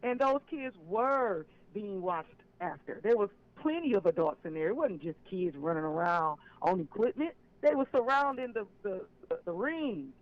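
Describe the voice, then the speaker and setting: A man with a notably high voice calls in over a dull, lo-fi phone line. He tells his story emphatically and with a clear sense of grievance, pressing each point home. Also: lively intonation, normal speed, few pauses. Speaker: caller. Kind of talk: phone-in call on a live stream.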